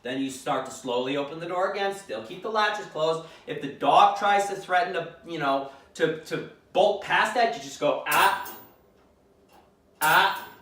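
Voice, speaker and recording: A man's voice: fairly high pitch, normal speed, hardly any pauses. Man teaching dog training in an echoey room. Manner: calm, demonstrates commands aloud. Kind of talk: instructional demonstration. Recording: echoey room, mic at a distance.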